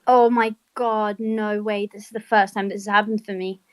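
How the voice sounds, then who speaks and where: A woman hosting a group audio chat, playful and quick to laugh. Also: mid-range voice, flat delivery. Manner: giggly, playful, quick reactions. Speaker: host of the community chat. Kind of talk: casual chat.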